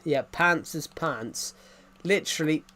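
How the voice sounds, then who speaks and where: An English man chats loosely with his live stream audience. His voice sits a little high for a man, and he circles back and restarts sentences as he goes. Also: slow pace, pushed and bright. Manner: rambling, repeats and restarts phrases. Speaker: live streamer reading chat. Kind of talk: casual chat to stream viewers.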